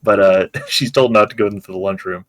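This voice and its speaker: Low-voiced man reading off his notes. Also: brisk, no room sound. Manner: relaxed, working through written notes, swears casually. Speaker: podcast co-host. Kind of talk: casual podcast chat.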